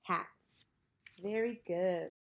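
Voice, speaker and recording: A woman teacher leading a children's reading lesson, modeling each word slowly and clearly. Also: fairly low pitch.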